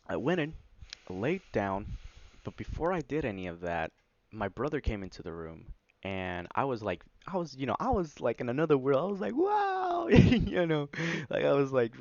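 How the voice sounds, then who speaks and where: A man telling a personal story on his vlog in a casual, rambling way, full of "like" and "you know", excited as he recounts it. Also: fairly low pitch, moderate pace, no echo. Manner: excited, animated retelling. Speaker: vlogger. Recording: dry, slightly dull lo-fi recording.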